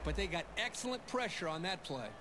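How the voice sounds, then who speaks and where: A man's voice: sits high, animated, brisk, a crowd in the background. A man voicing a color commentator in a football video game, explaining the plays in broadcast style. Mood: analytical. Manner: analytical, explanatory.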